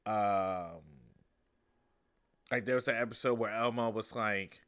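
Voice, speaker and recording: Bright-voiced young man chatting casually. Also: lowish voice, takes it slowly. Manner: rambling, relaxed, with fillers. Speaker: host. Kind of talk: casual monologue.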